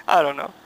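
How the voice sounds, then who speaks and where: A man's voice: a little hiss or hum, low-quality recording. A young man casually vlogging about a motorcycle ride, laid-back and swearing freely. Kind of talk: casual vlog chat.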